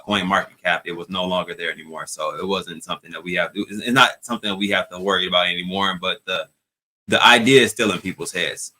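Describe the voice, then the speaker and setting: A man's voice: sits low, pushed and bright. A man hosting a casual livestream, talking loosely and with slang straight to his viewers. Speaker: livestream host.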